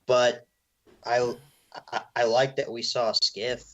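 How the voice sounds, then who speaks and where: A man's voice: medium pitch, little pitch movement, slow, a bit bright, lo-fi sound. A man co-hosting a casual podcast chat, laid-back and prone to stumbling restarts. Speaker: podcast co-host.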